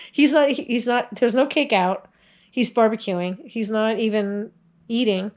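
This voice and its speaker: A woman's voice: a little high, measured pace, a little mellow. A woman in her forties casually telling family stories to the camera in a chatty way, laughing often as she goes. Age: 40s. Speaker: video host sharing family stories.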